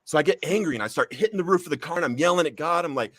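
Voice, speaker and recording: A man's voice: on the high side, fast, hardly any pauses, fairly bright tone, no echo. A man hosting a recovery podcast, sharing a personal testimony in an earnest, heartfelt storytelling manner. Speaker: podcast host.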